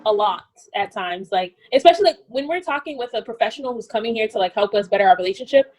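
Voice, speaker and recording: Brief: young woman podcast co-host, higher pitch, animated, chatty recap banter. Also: fast talker. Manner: chatty, animated, laughs often, lots of "like". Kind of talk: casual reality-TV recap chat.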